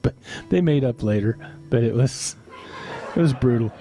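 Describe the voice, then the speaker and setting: Over music, a middle-aged live streamer speaks at a moderate pace in a medium-pitched voice. He chats casually with viewers, rambling through family stories with chuckles and teasing remarks on the side.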